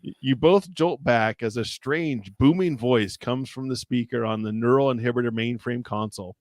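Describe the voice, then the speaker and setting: A man's voice: mid-range voice, moderate pace, dry recording, studio quality. A man co-hosting a podcast, reading a children's gamebook aloud and joking about the story. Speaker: podcast co-host.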